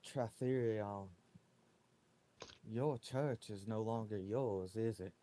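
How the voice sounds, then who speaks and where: Man doing a devout cleric, quiet, shaky voice, slow, mellow tone. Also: fairly low pitch. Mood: shaken. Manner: quiet, shaking voice. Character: shaken devout male cleric adventurer.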